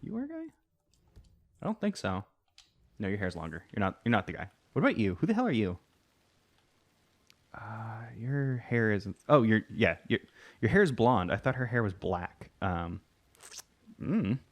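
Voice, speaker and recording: A man's voice: fairly low pitch, big pitch swings, normal speed, long pauses. A man hosting a let's play, giving casual gameplay commentary and thinking aloud in a rambling way full of fillers.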